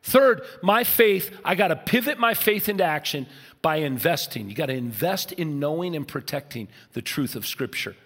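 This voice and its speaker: A male pastor delivering a sermon in a church hall, his slightly high voice carrying a long reverb tail. He moves between loud, animated storytelling and hushed, earnest stretches. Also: moderate pace.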